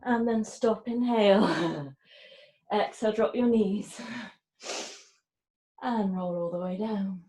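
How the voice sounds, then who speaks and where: Slow, soft-spoken woman yoga teacher. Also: medium pitch, echoey room, rough recording. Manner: slow, soft-spoken cueing of breath and movement. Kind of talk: guided yoga class instruction.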